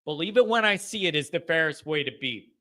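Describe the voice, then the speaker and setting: A man hosting a casual live call-in fan show, talking in an animated way and often laughing. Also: on the high side, brisk. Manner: animated, laughing, mocking chat comments in a shouted voice. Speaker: host of a fan call-in livestream.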